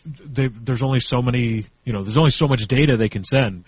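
The audio is dull with no echo as a podcast co-host in his twenties talks in a fairly quick, slightly rough mid-range voice. He keeps things casual while sounding unsure of himself and self-deprecating.

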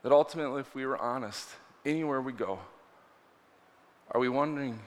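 A man preaching a storytelling sermon in a church hall, earnest and animated as he tells the story. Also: medium pitch, a little fast, pauses often. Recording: reverberant hall.

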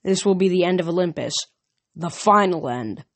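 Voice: mid-range voice, expressive, normal speed, natural voice. A reader voicing a tough, defiant girl warrior.

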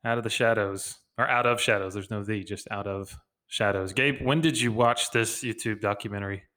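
A man co-hosts a podcast in easy, upbeat conversation, leaning on plenty of fillers. His voice sits a little low. He is heard over a video call on a podcast mic. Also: fairly even intonation, normal speed, sharp tone. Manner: chatty, upbeat, many fillers. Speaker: podcast co-host. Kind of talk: casual podcast chat.

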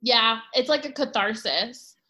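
A woman hosting a podcast in casual chat, candid and quick to laugh. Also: a little high, pushed and bright. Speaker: podcast host.

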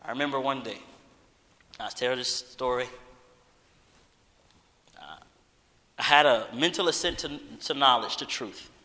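Male preacher, bright voice, long hall reverb, shifts between loud appeals and hushed stories. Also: mid-range voice, a little slow, pauses often. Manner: swings from loud urgent appeals to hushed storytelling. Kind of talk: sermon with personal story.

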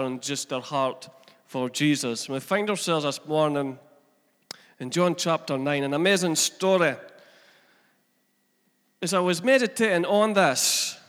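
A man's voice: mid-range voice, fairly bright tone. A man giving a sermon as pastor, earnest and building in energy, with friendly asides to his congregation. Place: church hall. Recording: reverberant church hall.

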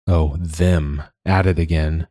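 A man reading a quiet, earnest young girl's lines in an audiobook, soft and hesitant. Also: a bass voice, steady tone, takes it slowly.

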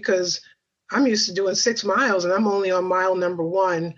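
A woman's voice: fairly low pitch, fairly even intonation, normal speed, fairly bright tone, husky, muffled recording. A woman guest on a podcast telling a personal story in a chatty way, with many fillers and asides.

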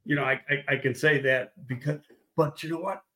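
A man's voice: fairly high pitch, steady tone, fairly quick, bright, forceful tone, echoey room. An older man, a guest in a casual chat, telling blunt, rambling football stories with swearing and restarts. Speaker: guest, former football scout.

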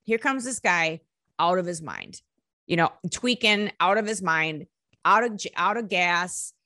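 A woman with a bright, sharp voice and a low-leaning pitch tells a story in a casual interview. She is animated and salty and acts out quotes in sudden bursts. The sound is dry and close, with no room around it. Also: a little slow, no room sound. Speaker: musician guest.

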